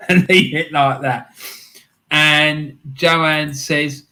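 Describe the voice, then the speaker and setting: A man's voice: on the high side, fairly even intonation, extremely slow, pushed and bright. A man hosting a live stream, chatting casually with viewers, laughing often and calling people "mate". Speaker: livestream host reading chat.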